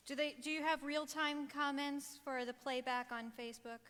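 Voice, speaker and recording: A woman's voice: high-pitched, fairly even intonation, moderate pace, sharp tone, big-room sound. A young woman artist chatting dryly and self-deprecatingly while she paints on stage. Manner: dry, wry, self-deprecating. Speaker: local artist painting live. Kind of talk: casual chat while painting.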